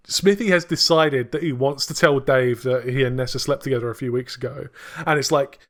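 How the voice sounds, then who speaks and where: A man's voice: medium pitch, brisk, a bit bright. A man co-hosting a podcast, chatting casually with enthusiasm, swearing and laughing often. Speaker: podcast co-host.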